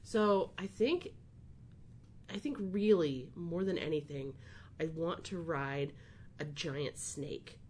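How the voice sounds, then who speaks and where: A woman's voice: sits low, slow, darkish tone, a little hiss or hum. A young woman hosting a podcast in casual chat, teasing and laughing often. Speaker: podcast host.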